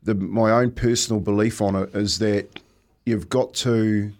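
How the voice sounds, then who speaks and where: In a radio studio, a New Zealand co-host in his fifties shares stories reflectively during casual on-air chat, frequently calling people "mate." His voice is fairly low and darkish, with fairly even intonation and an unhurried pace.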